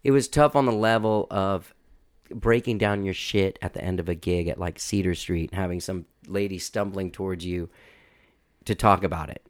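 A man talking candidly in a casual interview, rambling and making dark jokes. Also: low voice, normal speed, no room sound, studio quality. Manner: candid, rambling, darkly joking. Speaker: musician guest.

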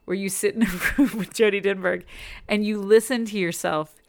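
A woman's voice: medium pitch, steady tone, normal speed, creaky. A young adult woman, a radio DJ, talking as a chatty guest in a casual interview. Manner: chatty, self-described talker.

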